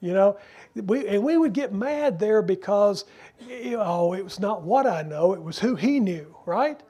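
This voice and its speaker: High, husky preacher man. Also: lively intonation, warm tone. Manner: earnest preaching with emphatic slow phrases and rhetorical questions. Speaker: pastor. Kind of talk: sermon.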